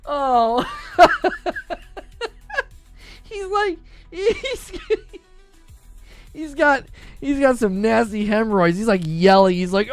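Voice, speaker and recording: A man's voice: very high voice, takes it slowly, pauses often, clear, resonant tone, no room sound, faint music behind. A man hosting a gaming livestream in a casual, chatty way, laughing often and talking to his viewers. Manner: laughs often, talks to chat.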